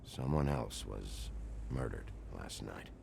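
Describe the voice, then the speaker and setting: An actor playing a gruff, weary male sheriff detective in a video game, questioning people bluntly. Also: extremely low pitch, takes it slowly, darkish tone, full character voice. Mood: probing. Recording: game audio over ambient noise.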